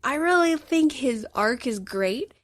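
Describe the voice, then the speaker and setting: A woman's voice: high-pitched, expressive, a little slow, dry recording, clean studio sound. A woman hosting a podcast alone, chatting with her listeners in an enthusiastic, opinionated way. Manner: chatty, addresses listeners as guys. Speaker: podcast host. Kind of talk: casual solo podcast review.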